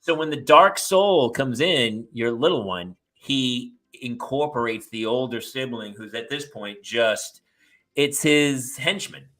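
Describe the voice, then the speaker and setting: A man hosting a casual comedy chat, talking in an animated, jokey way. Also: medium pitch, takes it slowly. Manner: animated, jokey, jumps into silly voices. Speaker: host.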